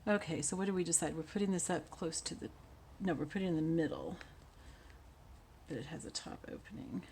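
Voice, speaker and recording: A woman hosting a casual crafting tutorial, chatting and thinking aloud as she works, often dropping to quiet mutters. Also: deep voice, brisk, a little hiss or hum.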